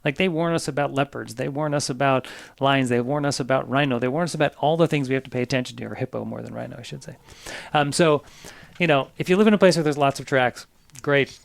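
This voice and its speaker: A man's voice: mid-range voice, fast, gravelly. A man from New Jersey, a guest mentor on bird language, chatting casually and telling stories with eager restarts. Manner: rambling, enthusiastic storytelling with many restarts. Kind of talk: casual conversation.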